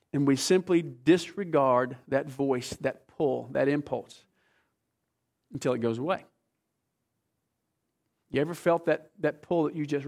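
A man preaching a sermon as pastor, emphatic, swinging between hushed, slow passages and forceful ones. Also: a little high.

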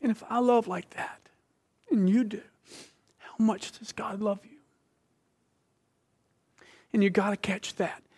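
Measured and pausing often, this preacher has a high, husky voice and a steady tone. His sermon swings between loud, emphatic lines and quiet whispers, and he poses questions to the congregation the way a teacher would.

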